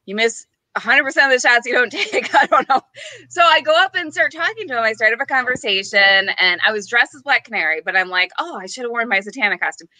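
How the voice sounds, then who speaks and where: A woman co-hosting a podcast, telling a story in a casual, animated way with frequent giggles. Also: fairly high pitch, quick pace, dry recording. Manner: animated, giggly, rising to squeals on punchlines. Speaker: podcast co-host.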